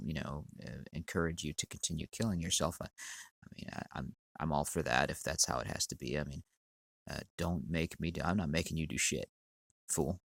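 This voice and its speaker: A man's voice: low-pitched, no room sound. A man with a sinus cold delivering a profane, rambling, stammering rant at a commenter on his channel. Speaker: channel owner. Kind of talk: ranting monologue.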